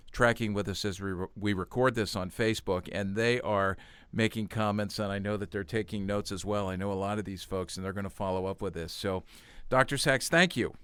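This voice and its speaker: Man, podcast host, smooth resonant low voice, dry close mic, enthusiastic. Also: no echo. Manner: warmly enthusiastic, repeats thanks. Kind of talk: casual chat, closing an interview.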